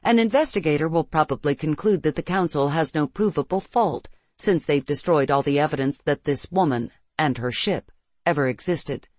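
Steady first-person audiobook narrator. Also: medium pitch, moderate pace, no room sound.

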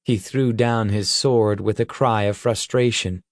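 A man narrates a fantasy audiobook in a steady, measured storytelling voice that sits on the low side. The studio sound is clean, with no echo.

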